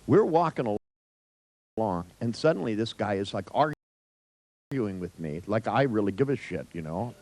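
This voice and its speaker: A man's voice: lowish voice, animated, normal speed, pauses often, a little mellow, no room sound, low-quality recording. An older man telling a rambling personal anecdote in a wry, profane way, with many restarts and asides.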